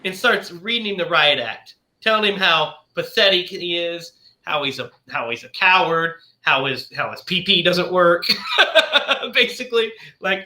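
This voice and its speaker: A man with a very bright, forceful, fairly high voice hosts a casual movie podcast. He recaps the plot animatedly and acts out the characters' lines. The room gives his voice a roomy echo. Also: lively intonation, unhurried. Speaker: podcast host.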